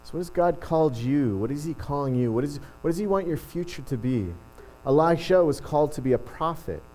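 Middle-aged male pastor, relaxed storytelling sermon, light voice, faint electrical hum. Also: a little high, a little fast, faint music behind, rough recording. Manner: chatty, self-deprecating, frequent restarts. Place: church.

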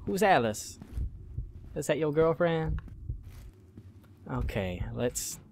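A man talks through a horror game, swearing and scolding it as it scares him. His pitch swings widely, but his pace is slow and drawn out. A faint hiss sits under the recording. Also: lively intonation. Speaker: gaming YouTuber. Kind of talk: horror game let's play commentary.

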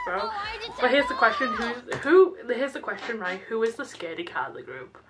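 Excitable high-voiced young woman reacting. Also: moderate pace, poor audio. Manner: excitable, laughing, slangy. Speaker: reaction video host. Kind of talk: casual reaction commentary.

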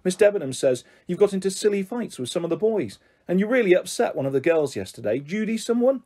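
A stern father, fed up with his misbehaving twins, scolds them with weary disappointment, as a man reads him aloud. The voice sits a little high and sounds mellow and husky. He talks like a parent at the end of his patience. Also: big pitch swings, fast talker. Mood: exasperated scolding.

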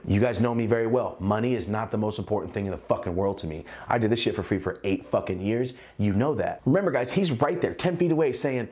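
A young man telling a personal story in a casual vlog, swearing often and acting out the other voices in the story. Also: mid-range voice. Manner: profane, animated, acts out quoted voices.

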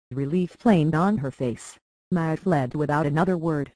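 A reader narrating a fantasy novel in a steady, unhurried storytelling voice. The pitch sits in the middle range, and the recording is close and dry with no room sound. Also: dry recording, rough recording. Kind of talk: audiobook narration.

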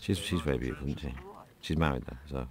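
A man from Britain giving a casual film commentary, deadpan and mock self-important, rambling through his stories. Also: rumbling low, fast talker, a crowd in the background.

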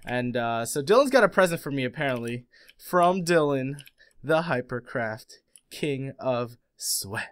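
A young man hosting a casual gaming let's play, talking fast and getting excitable, laughing at his own mishaps. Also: mid-range voice, clear, resonant tone.

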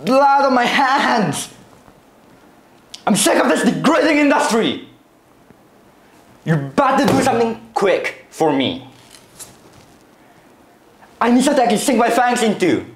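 A man's voice: very high-pitched, very animated, a little slow, long pauses, reverberant, slight background noise, heavily acted. A man playing a frustrated actor who is sick of small parts and soap commercials, talking in an indignant, sarcastic way. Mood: bitter. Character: frustrated male actor fed up with bit parts. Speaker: actor in a short film scene. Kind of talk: acting-class film scene.

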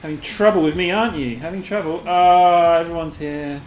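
A host giving live gameplay commentary, excitable and giggly, squealing a high catchphrase, then muttering quietly to themself. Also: moderate pace. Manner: mutters quietly to self between bursts. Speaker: gaming video host. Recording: roomy echo, faint game music behind.

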